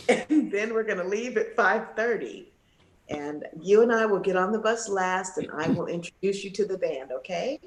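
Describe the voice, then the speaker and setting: A woman voicing a gentle, fatherly elderly male bandleader in a soft, affectionate tone, in a roomy echo. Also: mid-range voice, normal speed, a little hiss or hum, close to an everyday voice.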